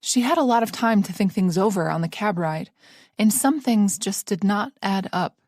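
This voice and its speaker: A woman narrating a novel aloud in a measured, even audiobook style. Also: mid-range voice, dry recording, clean studio sound.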